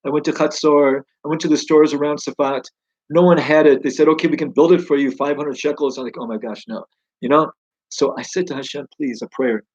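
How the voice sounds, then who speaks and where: Male Torah teacher, husky, eager and chatty; slightly dull recording. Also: fairly high pitch, fairly even intonation, a little fast. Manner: enthusiastic, conversational, exclaims wow. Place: home study.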